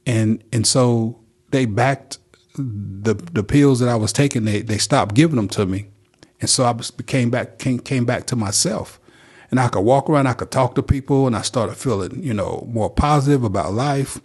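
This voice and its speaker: A man's voice: mid-range voice, normal speed, darkish tone, husky. A middle-aged man from North Carolina, telling his recovery story as a guest in an earnest, plainspoken way. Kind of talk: personal recovery testimony.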